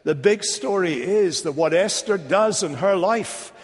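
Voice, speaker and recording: Emphatic male preacher, slow and measured, a bit high-voiced, in a large echoing hall. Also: expressive. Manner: emphatic, deliberate, rhetorical questions. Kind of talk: sermon. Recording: long echo of a large hall.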